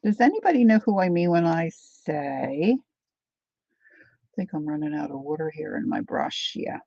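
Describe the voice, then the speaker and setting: A woman's voice: deep voice, expressive, normal speed, vocal fry, dark tone, no echo. A middle-aged woman chatting casually with viewers while she paints, greeting them by name and laughing often. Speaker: artist livestreaming her painting. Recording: slightly dull lo-fi sound.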